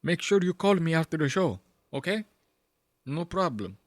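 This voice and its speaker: A man's voice: a little high, sing-song, normal speed, no echo, voice pushed up. A man putting on a boastful male comedian who hits on a woman in crude broken English, exaggerated and mocking.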